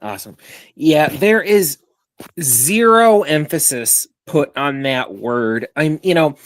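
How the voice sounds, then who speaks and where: A man co-hosting a casual sports show over a video call, rambling in an animated way and swearing now and then. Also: on the high side, takes it slowly, no room sound, studio quality. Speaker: co-host.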